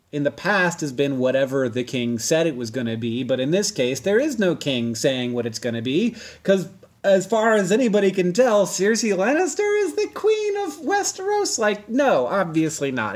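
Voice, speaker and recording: Animated man rambling excitedly to camera. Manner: animated, rambling, self-correcting, pitch jumps up when emphatic. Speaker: video host. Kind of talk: casual explainer monologue.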